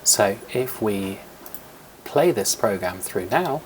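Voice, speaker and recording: A man's voice: on the low side, animated, slow, a little hiss or hum. A man teaching young children a coding lesson over a screen recording, explaining step by step in a patient way, with fillers, into a computer microphone.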